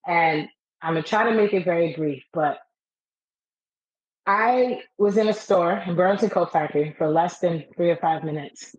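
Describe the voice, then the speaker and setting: Her voice on the low side and her pace moderate, a female podcast guest gives an animated faith testimony. She tells stories and preaches in a casual chat, captured with dull audio.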